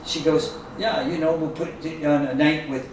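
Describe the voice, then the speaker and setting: Animated storytelling man in an echoey room. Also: on the high side, moderate pace, slight background noise. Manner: animated storyteller who acts out quotes. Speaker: guest musician. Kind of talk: casual storytelling chat. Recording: echoey room picked up from a distance.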